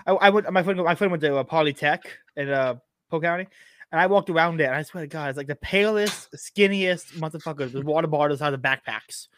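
A man's voice: fairly high pitch, brisk, fairly bright tone, no echo. A man in his twenties, living in Florida, hosting a casual livestream chat, laid-back, swearing casually and laughing often. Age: 20s. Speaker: stream host.

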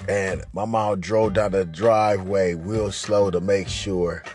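A man's voice: deep voice, steady tone, slow, hardly any pauses, a little mellow, faint music behind. A man hosting a podcast, telling a crude comic story in a rambling, repetitive way and often checking in with the listener. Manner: rambling, repetitive, keeps asking "right?". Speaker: podcast host. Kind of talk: profane comic storytelling monologue.

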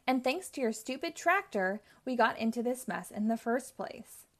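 A woman's voice: a little high, expressive, normal speed. A woman reading the part of a sulky, scheming boy who blames others. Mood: resentful. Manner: resentful, blaming.

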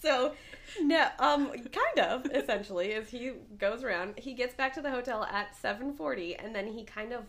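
A woman's voice: on the high side, moderate pace, a bit bright. A woman hosting a podcast, telling a true-crime story in a chatty, rambling way, full of fillers and restarts. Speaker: podcast host.

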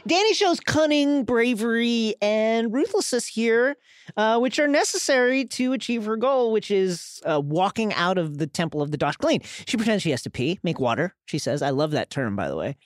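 A man's voice: high-pitched, expressive, normal speed, dry recording, clean studio sound. A man co-hosting a podcast, recapping an episode in a jokey, profane way and acting out quotes. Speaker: podcast co-host. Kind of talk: casual recap chat.

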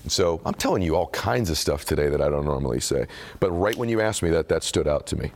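A man's voice: a bass voice, animated, fast talker. A man being interviewed about his book, telling a personal story in an earnest, emotional and reflective way. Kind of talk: candid conversational storytelling.

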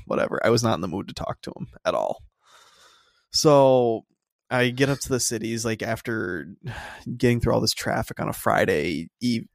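Gravelly young man. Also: fairly low pitch, no echo, clean studio sound. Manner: exasperated, swears, laughs through the story. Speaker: podcast co-host. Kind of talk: casual storytelling chat.

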